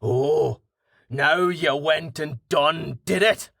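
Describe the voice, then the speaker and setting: A man voicing a big, gruff, crude brawler in an audiobook, talking with casual swagger. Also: fairly high pitch, unhurried, sharp tone, no echo, clean studio sound, exaggerated voice.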